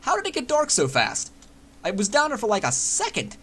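Chatty young man with a lively voice. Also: high voice, fairly quick, husky. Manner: chatty, excitable, swears casually, talks to himself. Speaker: Minecraft let's player. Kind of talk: casual gameplay commentary.

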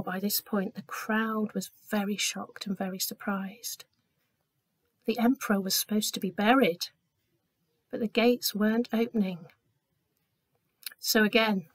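A woman giving a gentle storytelling talk to children in a church, acting out the voices in her story. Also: medium pitch, no room sound. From England. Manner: gentle, clear storyteller, acts out quoted voices.

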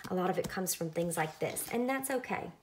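Chatty young woman, lowish voice. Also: a little fast, noisy background. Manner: chatty, relaxed, lots of fillers. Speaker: craft vlogger. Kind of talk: casual narrated craft tutorial.

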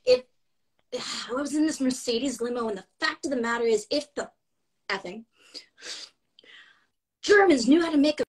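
A woman's voice: sits high, big pitch swings, normal speed, no echo, pitched above the performer's own voice, low-quality recording. A woman doing a brash exasperated older comedian. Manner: raw, blunt complaining.

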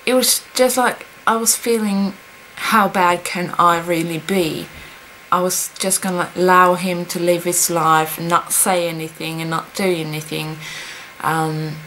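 A young woman speaking in a personal confessional vlog, hesitant and halting, with many pauses and fillers. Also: on the low side, steady tone, fairly bright tone, a little hiss or hum, poor audio. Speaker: vlogger.

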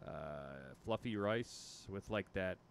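Low-voiced man reading a menu aloud. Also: animated, gravelly, a little hiss or hum. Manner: profane, joking, halting list-reading. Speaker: podcast co-host.

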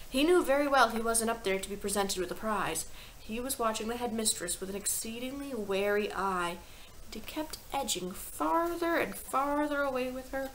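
A woman teacher reading a children's novel aloud to her class in an expressive storytelling manner. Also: fairly high pitch, a little hiss or hum, low-quality recording.

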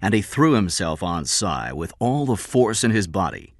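A man narrating a story in a clear, measured storytelling manner, recorded close to the mic. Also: deep voice, sing-song, no echo. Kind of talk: scripted audiobook narration.

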